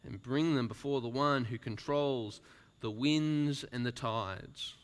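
A pastor giving a sermon and reading a story aloud, slow and deliberate, dropping his voice soft for emphasis. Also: mid-range voice.

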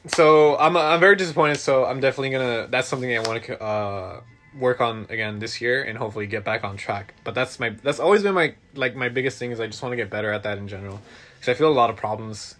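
A man co-hosting an easygoing podcast. He speaks hesitantly and thinks out loud, with frequent pauses, filler sounds and restarts as he reflects. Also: medium pitch. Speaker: podcast co-host. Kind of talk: casual chat.

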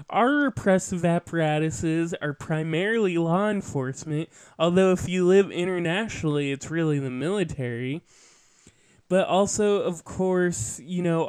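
A man's voice: a little high, darkish tone, smooth, no room sound. A man hosting a podcast, delivering an opinionated, lecturing political monologue with a sardonic edge. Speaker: podcast host.

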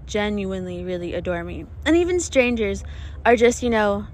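A young woman hosts her own podcast outdoors in the desert, with airplanes passing overhead, delivering a casual solo monologue. Her mid-range voice is animated and a little mellow, at a moderate pace, with a little hiss or hum. She's chatty, profane and self-mocking, laughing often.

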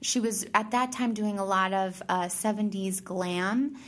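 A woman's voice: mid-range voice, unhurried, a bit bright. A woman in her thirties, a stage actor as guest, chatting in a bubbly way, laughing often and filling her talk with "like". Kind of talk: casual chat.

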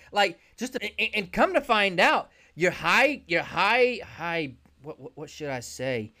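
Excitable, rambling sales podcast host. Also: mid-range voice. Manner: excitable, joking, rambling, with sudden whoops; salesy and talks straight to the listener. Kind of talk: solo business podcast monologue.

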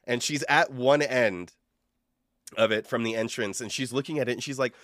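A man's voice: medium pitch, moderate pace, a bit bright, no echo, studio quality. A man co-hosting a podcast, telling a rambling story in casual chat with lots of fillers and restarts. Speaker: podcast co-host; game master.

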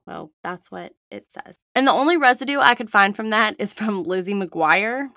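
A woman's voice: medium pitch, moderate pace, gravelly, sharp tone, no echo, clean studio sound. A woman co-hosting a casual chat, earnest and matter-of-fact as she reports what she looked up. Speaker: podcast co-host.

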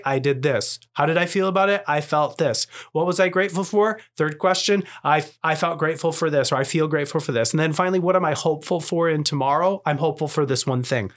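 A man's voice: fairly high pitch, a bit bright. A middle-aged man hosting a podcast, chatting casually, joking about himself and acting out what people said. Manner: chatty, self-deprecating, acts out quotes. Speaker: podcast host. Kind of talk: casual conversation.

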